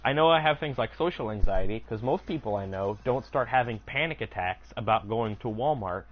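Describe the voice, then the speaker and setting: A man's voice: mid-range voice, expressive, a little fast, dull audio. A young man telling a rambling, profane story casually while playing a game, often cutting himself off. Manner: rambling, profane, self-interrupting. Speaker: gaming streamer.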